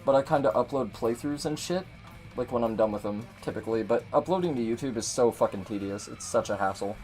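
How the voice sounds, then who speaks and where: A man's voice: medium pitch, fast talker, darkish tone, faint music behind. A man giving casual gameplay commentary as a streamer, chatty and swearing a lot.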